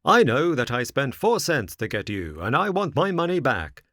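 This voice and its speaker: A man voicing a greedy grown man who buys a puppet, with a gruff, indignant manner. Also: medium pitch, sing-song, normal speed, bright, forceful tone, no echo, clean studio sound, voice pushed up. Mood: angry.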